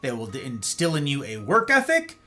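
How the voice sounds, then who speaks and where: A man's voice: mid-range voice, wildly swooping pitch, moderate pace, sharp tone, soft background music. A male host giving an emphatic, sarcastic monologue on a live-streamed talk show, with playful asides.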